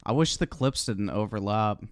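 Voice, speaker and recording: A man's voice: lowish voice, expressive, moderate pace, no echo. A man giving casual, profane commentary on a live stream as he reacts to clips, laughing often. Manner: laughs often, swears freely.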